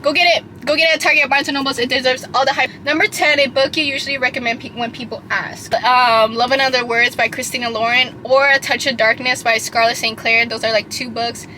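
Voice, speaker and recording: A young woman chatting casually about books for her vlog, gushing and lively, with many fillers and restarts. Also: sits high, brisk, few pauses, slight background noise, rough recording. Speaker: book vlogger. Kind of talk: casual chat.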